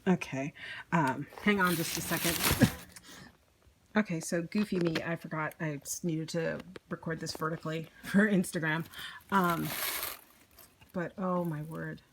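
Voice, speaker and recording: A woman's voice: low-pitched, noisy background. A woman vlogging an unboxing at home by a fireplace, giddy and gushing, with gasps and laughter. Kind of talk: casual unboxing chat.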